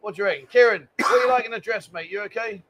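A man's voice: sits high, noisy background. A hungover man from London with a London accent, co-hosting a casual livestream, reading viewer comments and joking around. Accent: London English. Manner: jokey banter, quick and chatty. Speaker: co-host of a livestream.

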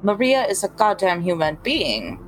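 A woman's voice: mid-range voice, sing-song, moderate pace, slight background noise, close to an everyday voice, poor audio. A woman voicing a frank, caring female vampire who speaks bluntly and stammers when upset. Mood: confrontational.

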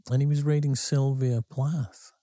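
A man's voice: mid-range voice, level tone, measured pace, dark tone, no echo. A man hosting a podcast, telling rambling anecdotes with many self-interruptions. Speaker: podcast co-host. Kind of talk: casual storytelling.

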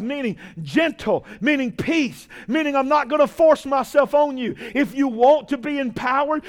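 A man preaching a fiery sermon, shouting and drawing out key phrases and calling out to the congregation. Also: very high voice. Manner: shouting, drawn-out emphatic preaching with call-outs to the congregation.

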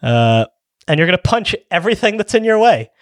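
A man's voice: sits high, very animated, a little fast, no echo, studio quality. A man co-hosting a casual tabletop gaming podcast, walking through rules step by step with frequent ums. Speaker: podcast co-host.

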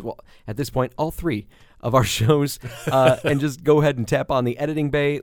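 A man's voice: medium pitch, a little mellow, no echo, clean studio sound. A man with a Texan accent co-hosting a movie podcast in casual chat, joking and bantering with his partner. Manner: jokey, quick banter with frequent laughs. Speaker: podcast co-host.

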